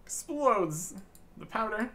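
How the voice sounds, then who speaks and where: A man's voice: high-pitched, sing-song, takes it slowly, sharp tone. A man narrating his own gameplay with dry, joking commentary as a gaming channel host. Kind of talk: let's-play commentary.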